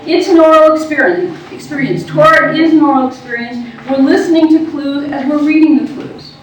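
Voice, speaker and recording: A woman teacher leading a group reading, brisk and directive, prompting the room. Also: high voice, fairly even intonation. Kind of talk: classroom teaching. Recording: echoey room from far off, faint noise.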